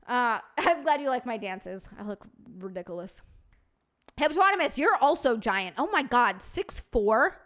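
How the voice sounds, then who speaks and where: Young woman streamer, casual chat with viewers, swears freely, bubbly, voice sits a bit high. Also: expressive, unhurried, fairly bright tone. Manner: profane, bubbly banter. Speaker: live streamer.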